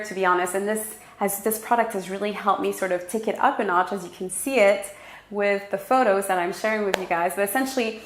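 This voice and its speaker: Woman vlogger, French accent, casual candid chat, mid-pitched voice, echoey room. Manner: chatty and candid, quick asides. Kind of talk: casual talk to camera.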